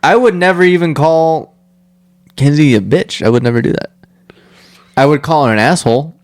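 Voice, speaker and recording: A man's voice: on the high side, normal speed. A man hosting a podcast, chatting casually in crude, laughing banter. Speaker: podcast host. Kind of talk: casual chat.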